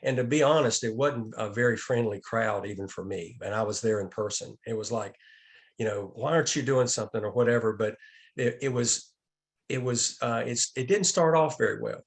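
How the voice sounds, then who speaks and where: A man giving a training talk on a video call as an outreach director, speaking calmly with frequent restarts and repeated words. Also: medium pitch, normal speed.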